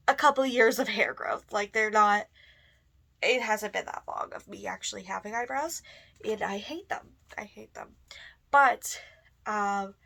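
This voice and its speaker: A woman's voice: medium pitch, creaky, a bit bright. A woman answering tag questions in a casual, chatty vlog, with lots of fillers and laughs. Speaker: goth vlogger.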